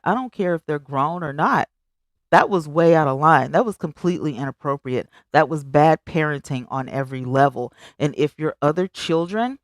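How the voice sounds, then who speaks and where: At normal speed, a woman hosts a live stream, chatting casually with her audience and reading out what they comment. She's emphatic and animated, swinging up on exclamations and talking straight to viewers. Dry, studio-quality recording.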